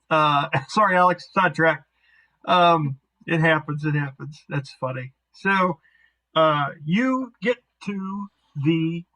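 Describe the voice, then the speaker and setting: A man's voice: a little high, fairly bright tone, rough recording. A man narrating as game master on a voice call, rambling and self-deprecating.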